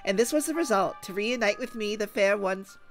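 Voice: medium pitch, a little fast, soft background music, voice pushed up, close to an everyday voice. A game player putting on an exaggerated Valley Girl voice to read a young girl's farewell letter in a visual novel. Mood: dramatic. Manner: sing-song, overblown reading.

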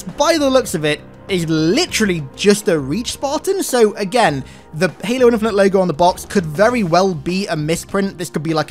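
A young man with a notably high-pitched voice rattles through gaming news in a loose, excitable ramble, peppering his speech with "like" as he thinks aloud. Faint music sits underneath him, the way it does in a home-made channel video. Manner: excitable, chatty, frequent "like" fillers. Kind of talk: casual video commentary.

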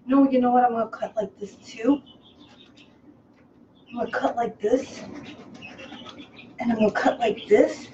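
High-pitched, gushing woman hosting a cooking show. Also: a little slow, pauses often. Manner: over-the-top excitable, squeals and gushes. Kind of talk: comic live cooking show. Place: home kitchen. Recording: echoey kitchen, slightly dull, faint hiss.

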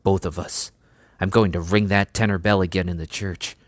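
A man reading as a gentle young country soldier who talks to his horse in a low, soft voice. The delivery is quiet and close, with a dry sound and no room around it. It feels like a storybook reading. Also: fairly even intonation, normal speed, no echo. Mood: determined. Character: gentle young English farm lad soldier.

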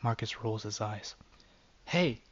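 A man narrating a short story in a steady, even dramatic reading. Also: medium pitch, normal speed, highs cut off.

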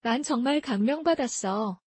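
Rapid, breathy higher-voiced woman. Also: expressive, darkish tone, no echo. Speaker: Korean prompt reader. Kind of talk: scripted reading of sentence prompts.

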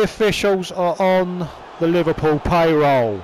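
A man's voice: medium pitch, unhurried, slight background noise. A young man giving casual commentary over a football video game, swearing and grumbling at the play and the referee. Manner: swearing, frustrated, shouts at the referee. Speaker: gaming commentator.

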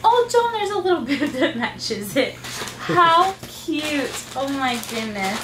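High, lively mom gushing in sing-song. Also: female voice, slow, background noise. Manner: gushing, sing-song baby talk to her toddlers. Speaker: mother and channel host. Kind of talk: casual unboxing vlog talk. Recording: echoey room, mic far off, faint ambience.

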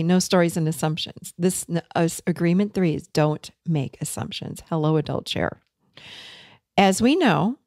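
A woman's voice: on the low side, a little mellow, no echo, clean studio sound. A woman hosting a podcast, talking to listeners in an earnest, conversational way about personal growth. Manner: earnest, conversational, acts out remembered dialogue. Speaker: podcast host. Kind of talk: casual teaching monologue.

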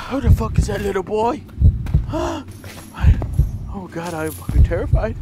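A man's voice: high voice, lively intonation, takes it slowly, long pauses. A man hosting a gaming video, giving panicky, melodramatic horror game commentary full of screams. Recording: loud background music.

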